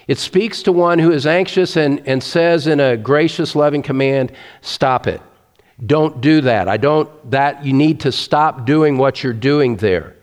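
A man's voice: on the high side, a little mellow, long reverb tail. A man preaching a sermon, earnest and emphatic, repeating his key points.

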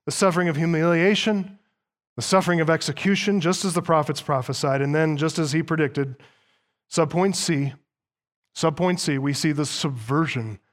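A man preaching a sermon as pastor. He reads scripture aloud, explains it point by point, and slows down to stress key words. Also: a little high.

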